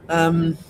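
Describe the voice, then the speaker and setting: An English man in his fifties hosting a casual late-night livestream, rambling and hesitant with many pauses. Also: a little hiss or hum, rough recording. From England. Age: 50s. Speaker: livestream host.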